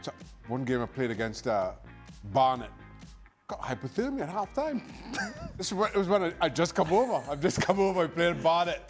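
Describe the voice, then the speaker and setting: A former goalkeeper tells jokey stories on a football panel, laughing along. His voice is fairly high for a man and swings widely in pitch. Faint music runs underneath. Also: very animated, normal speed. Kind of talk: studio panel chat.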